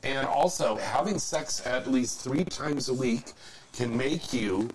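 A man's voice: mid-range voice, slow pace, slight background noise, low-quality recording. A man hosting a casual chat, reading trivia aloud and cracking crude jokes. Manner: joking, crude, animated.

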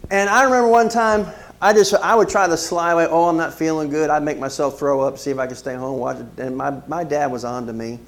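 A middle-aged pastor with a slightly high voice preaches in a lively, conversational way. He moves from storytelling into direct questions to his congregation and keeps a casual tone. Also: brisk, hardly any pauses. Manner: animated, conversational preaching with frequent asides to the congregation. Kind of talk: sermon with storytelling.

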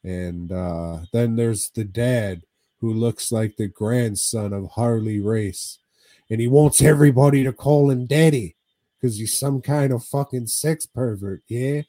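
Male podcast co-host, slow drawl, foul-mouthed rambling movie recaps. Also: medium pitch, warm tone, no echo. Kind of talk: casual movie recap chat.

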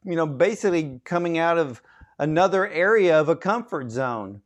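High-pitched male interviewer. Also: lively intonation, normal speed. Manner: brief affirmations and a follow-up question. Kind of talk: casual conversation.

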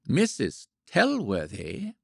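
Proud teasing lady read by a man, arch and playful, gravelly, husky. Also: fairly low pitch, sing-song, normal speed, fairly bright tone, dry recording, studio quality, full character voice. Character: proud playful woman, teasing her ex-husband.

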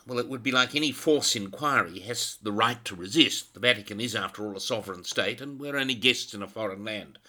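A man's voice: lowish voice, brisk, hardly any pauses, sharp tone, voice pushed up. A man playing a composed, respectful police detective who speaks precisely. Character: cool, polite male police detective.

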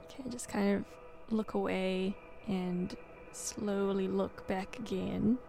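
A woman's voice: mid-range voice, little pitch movement, slow, vocal fry, warm tone, faint music behind. A woman playing a tabletop role-play game who speaks in a hesitant, polite way and uses many fillers. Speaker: player.

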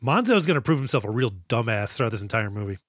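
A man co-hosting a podcast in casual chat, animated and profane, acting out characters as he retells scenes. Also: mid-range voice, very fast, husky, no room sound, studio quality. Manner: animated, swears a lot, acts out characters in quoted lines. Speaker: podcast co-host.

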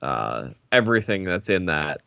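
A man's voice: sits low, big pitch swings, moderate pace, gravelly, sharp tone, no echo, lo-fi sound. A man cohosting a movie podcast, enthusiastic and stammering through restarts as he talks. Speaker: podcast co-host. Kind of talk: casual movie discussion.

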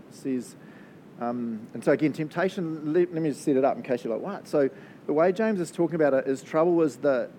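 A man with a New Zealand accent, preaching a sermon and praying in a chatty, animated way that often breaks into laughs. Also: mid-range voice, slight background noise, rough recording. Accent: New Zealand English. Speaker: pastor. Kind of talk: sermon with prayer.

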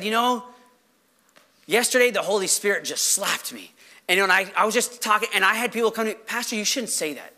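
A man preaching a sermon as pastor, animated, firing rhetorical questions and acting out quoted voices. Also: sits high.

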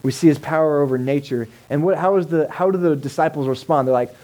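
Mellow-voiced pastor preaching casually. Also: male voice, fairly high pitch, fast talker, hardly any pauses, poor audio. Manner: conversational, asks the congregation rhetorical questions. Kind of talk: sermon. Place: church service held in a cinema.

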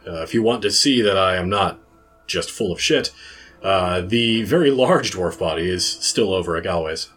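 A man playing in a tabletop role-play game, measured and dry, speaking in and out of character. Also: deep voice, a bit bright, breathy edge, faint music behind. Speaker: player.

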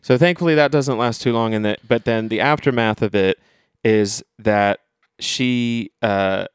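A man's voice: medium pitch, a little slow, clean tone, no room sound, studio quality. A man casually retelling a film plot, rambling, swearing freely and acting out the characters' lines. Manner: rambling storyteller, swears freely, acts out quotes. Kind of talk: casual film recap chat.

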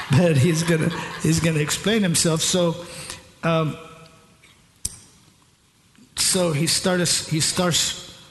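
A man's voice: fairly high pitch, fairly even intonation, slow, long pauses, slight background noise. A middle-aged male pastor preaching a sermon in a large church hall, asking the congregation rhetorical questions and answering them himself. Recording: echoey hall with long reverb.

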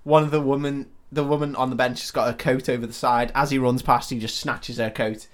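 A man's voice: mid-range voice, fairly even intonation, brisk. A man, co-hosting a podcast and retelling a film scene by scene in a laid-back, sweary way. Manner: laid-back storytelling, swears freely, laughs a lot. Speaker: podcast co-host.

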